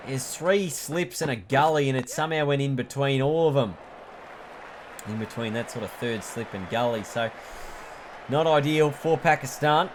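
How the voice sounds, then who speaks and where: Excitable man calling a cricket game. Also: medium pitch, normal speed, noisy background. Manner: excitable, jumps up at big moments; chatty, corrects himself. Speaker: video game commentator. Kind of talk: play-by-play sports commentary.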